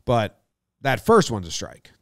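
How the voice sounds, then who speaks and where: A man co-hosting a casual baseball podcast, breaking down calls in animated detail. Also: medium pitch, measured pace, dry recording, studio quality. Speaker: podcast co-host. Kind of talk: casual sports chat.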